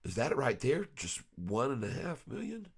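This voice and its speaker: A man giving live stock market commentary, excitable and laughing often, breaking into rhyming hype riffs. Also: medium pitch, normal speed, gravelly, slightly rough. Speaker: stock trading vlogger.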